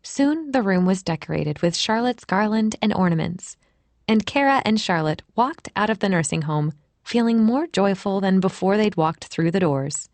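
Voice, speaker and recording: A woman narrating an audiobook in a gentle, expressive way. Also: medium pitch, moderate pace, no room sound. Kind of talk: scripted narration. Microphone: close studio mic.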